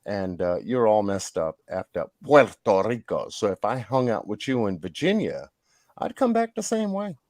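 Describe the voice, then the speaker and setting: A man's voice: fairly low pitch, very animated, normal speed, a little mellow, no room sound, clean studio sound. A man hosting a casual live-stream chat, rambling through stories with lots of fillers and laughs. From New York. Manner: rambling storyteller, laughs often, many fillers. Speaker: host.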